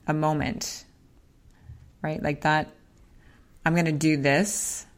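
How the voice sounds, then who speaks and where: A woman interviewing a guest, attentive, backing him with short affirmations and asking probing questions. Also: on the low side. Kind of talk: conversational interview.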